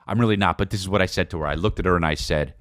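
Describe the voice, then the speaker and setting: A man co-hosting a podcast, telling a comedic story in an animated, profane, self-mocking way. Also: low-pitched, very fast, no echo, studio quality. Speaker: podcast co-host.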